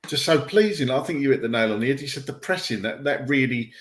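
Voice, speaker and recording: A man speaks as a guest on a football podcast, measured and hesitant, with many ums. His voice sits in an ordinary middle range. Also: mid-range voice, expressive. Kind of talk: casual football analysis.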